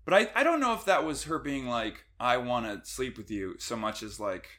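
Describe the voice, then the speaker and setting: A man talking in a casual chat about a film, his voice bright and forward. His pitch leaps around a great deal as he acts out the characters' lines. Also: animated, moderate pace. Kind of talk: casual movie-discussion chat.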